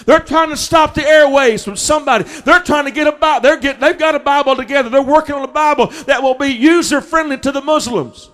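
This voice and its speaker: A man preaching an impassioned sermon as pastor, calling out to the congregation and rising to shouts. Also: extremely high pitch, a little fast, few pauses.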